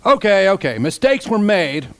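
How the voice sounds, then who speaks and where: A man putting on a cheeky robot puppet from a comedy series, his voice pushed higher than normal. He snaps out sarcastic jokes in quick, dry bursts. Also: sing-song, fairly bright tone. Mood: flustered. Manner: snappy, sarcastic quips. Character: wisecracking male robot puppet sidekick.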